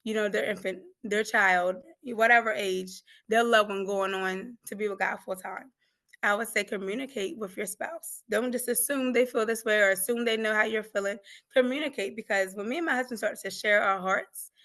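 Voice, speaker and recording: A woman's voice: medium pitch, fairly even intonation, moderate pace, a bit bright. A woman speaking as an interview guest and coach, giving an emotional personal testimony in an earnest, emphatic way that often breaks into laughter.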